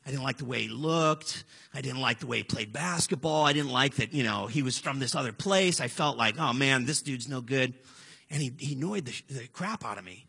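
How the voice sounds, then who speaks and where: A man's voice: mid-range voice, animated, fairly quick, vocal fry, pushed and bright, husky. A man in his forties preaching a sermon in a conversational, storytelling way, earnest and direct. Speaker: pastor.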